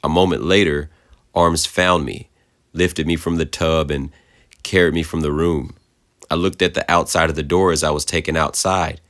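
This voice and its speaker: A man narrating a creepypasta horror story in a measured, somber way. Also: extremely low pitch, fairly bright tone.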